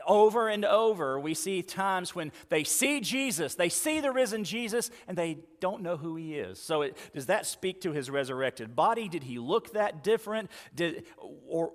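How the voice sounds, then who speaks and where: A male pastor preaching a sermon, retelling scripture with dramatic pauses and slowing on key words. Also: on the high side. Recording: long reverb of a church hall.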